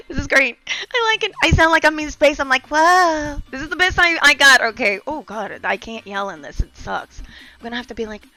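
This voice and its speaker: Bright, chatty woman streaming. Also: high voice, expressive, normal speed, faint music behind, rough recording. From Australia. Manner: chatty, playful, reading and answering chat. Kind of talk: casual live-stream chat. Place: home streaming room with some room echo. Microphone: desk mic, testing distances.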